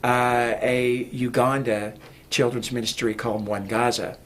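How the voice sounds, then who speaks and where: A man's voice: medium pitch, level tone, measured pace, fairly bright tone. A man talking as a guest in a casual interview, rambling with many fillers and restarts. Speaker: guest, music producer.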